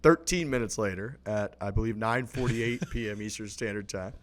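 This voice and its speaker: A man's voice: fairly low pitch, moderate pace. A man co-hosting a podcast, teasing dryly and reading out details. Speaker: podcast co-host. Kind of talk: casual chat.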